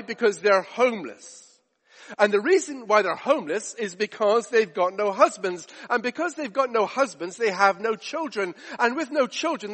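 A man's voice: sits high, a bit bright, long reverb tail. A man preaching a sermon, emphatic with rhetorical questions and repetition.

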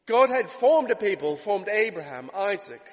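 High-voiced man preaching in a reverberant hall. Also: sing-song, normal speed. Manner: expository, rhetorical questions, emphatic repetition. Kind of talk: sermon.

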